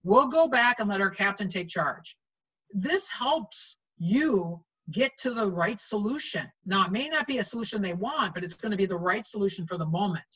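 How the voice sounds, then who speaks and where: A woman's voice: mid-range voice, animated, normal speed, a bit bright, breathy edge, rough recording. A middle-aged woman, a volleyball referee, chatting animatedly in an interview and acting out quoted lines as she tells stories. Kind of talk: storytelling in an interview.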